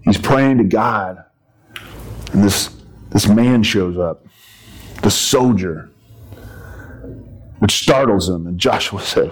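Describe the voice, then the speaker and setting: A man's voice: lowish voice, slow pace, pauses often, slightly rough, low-quality recording. A middle-aged male preacher giving a sermon, retelling a story with playful asides and acted-out voices. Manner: animated storytelling, acting out voices and yells.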